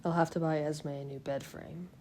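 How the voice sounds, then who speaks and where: A woman reading the part of a calm, teasing young male vampire husband in a quiet, even, lowered voice. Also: normal speed, slight background noise, natural voice.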